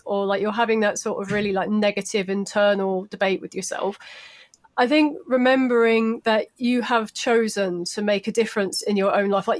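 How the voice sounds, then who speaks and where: A woman student speaking on a live panel in a reflective, rambling way, with frequent restarts. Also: mid-range voice.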